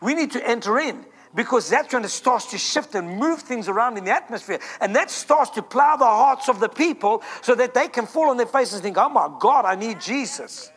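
High bright fervent preacher. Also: male voice, lively intonation, brisk, few pauses. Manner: fervent, repeats lines for emphasis. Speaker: guest preacher. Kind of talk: Pentecostal sermon.

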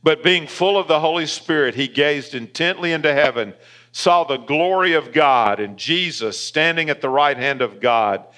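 A man with a Southern accent preaching a sermon as pastor, emphatic and rising in pitch on key points, in a church. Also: lively intonation, moderate pace, bright, forceful tone.

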